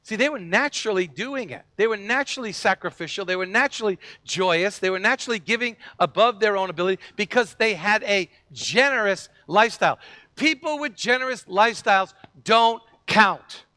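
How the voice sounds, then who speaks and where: A man's voice: high-pitched, expressive, a little fast, sharp tone, no room sound. A man preaching a sermon as pastor, telling stories animatedly and acting out the voices in them, with frequent restarts.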